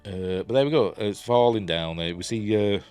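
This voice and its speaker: A man's voice: on the low side, brisk, darkish tone, clean tone, faint music behind. A man with a Yorkshire accent giving a rambling, enthusiastic casual review, full of ums and restarts. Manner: rambling, filler-heavy, enthusiastic. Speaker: TV review vlogger.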